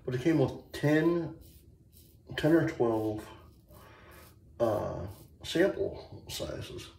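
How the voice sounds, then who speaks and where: A slow-talking man with a gravelly, creaky voice rambles through a casual shaving vlog, stopping and restarting often. He sits some distance from the mic in an echoey bathroom with faint tap water behind him. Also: medium pitch, sing-song, warm tone. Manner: rambling, halting, many fillers and restarts. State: hiccups. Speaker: shaving video host. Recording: echoey room, mic set back.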